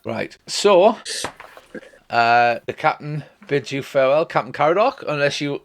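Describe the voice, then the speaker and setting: Male game master, gravelly, slightly high voice, halting narration with many fillers. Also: expressive, a little hiss or hum.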